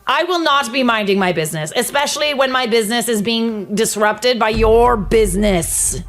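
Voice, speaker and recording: A woman's voice: fairly high pitch, moderate pace, few pauses, faint music behind. A woman hosting a casual reaction commentary, blunt and chatty, talking to her viewers like friends. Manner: blunt, chatty, animated, addresses viewers as bestie. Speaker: commentary host.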